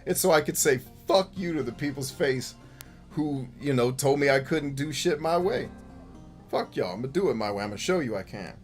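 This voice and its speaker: A man of middling pitch hosts a gaming show, talking over his play in loose, unscripted commentary. He is blunt and swears freely, and he breaks into jokey asides. Game music runs softly behind him. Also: expressive, normal speed. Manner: blunt, profane and emphatic; laughs easily, jokey asides. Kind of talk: casual gameplay commentary.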